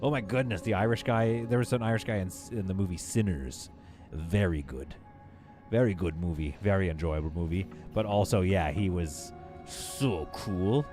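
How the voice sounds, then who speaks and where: A man with a somewhat Canadian accent chats playfully through a live gameplay stream, answering his chat as he goes. His low, darkish voice keeps a moderate pace, with faint music behind him.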